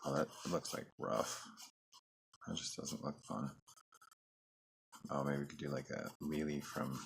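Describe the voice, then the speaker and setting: Man, very deep voice, gravelly fry, rambling drawing commentary, self-mocking jokes. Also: steady tone, a little slow. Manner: rambling, musing to himself; joking, self-deprecating asides. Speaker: artist drawing on camera.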